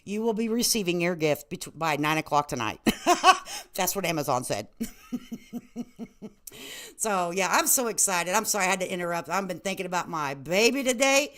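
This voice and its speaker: A woman's voice: lowish voice, expressive, normal speed, fairly bright tone. A woman in her late thirties hosting a casual livestream, chatty and affectionate, laughing often and calling viewers honey and baby. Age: 30s. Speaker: livestream host.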